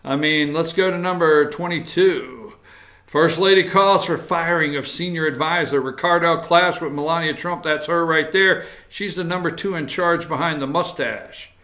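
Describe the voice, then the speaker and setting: A man hosting a morning talk show, reading headlines aloud and joking about them in a casual, animated way. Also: on the high side, normal speed. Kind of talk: casual political commentary.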